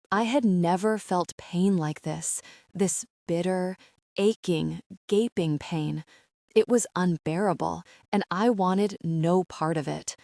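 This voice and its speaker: A woman narrating an audiobook in a slow, sorrowful, measured reading. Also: lowish voice, mellow, no echo, studio quality.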